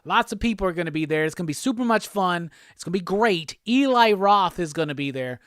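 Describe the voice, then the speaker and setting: A laid-back man hosts a casual live stream and reads out viewer comments between easy laughs. His voice sits fairly high for a man. The sound is close and dry, with no room around it. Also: animated, a bit bright, clean tone, dry recording. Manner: laid-back, chatty, quick laughs, reads chat aloud. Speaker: host of a live pop culture show.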